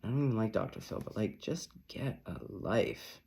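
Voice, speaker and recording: A man's voice: fairly low pitch, lively intonation, normal speed, gravelly, darkish tone. A man giving a casual tarot reading in a sassy, chatty, profane manner. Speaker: tarot reader.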